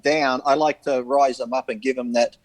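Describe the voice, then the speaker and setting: A man's voice: mid-range voice, fairly even intonation, normal speed, no echo. An Australian man joking around playfully in a casual chat. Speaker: co-guest.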